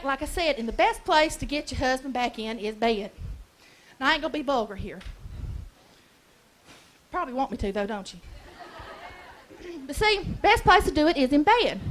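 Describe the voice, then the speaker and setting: A Southern-accented woman tells stories on a comedy club stage. Her voice sits very high and rings bright and forceful. She is folksy and brash, building to bawdy punchlines. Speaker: stand-up comedian. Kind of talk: stand-up comedy routine.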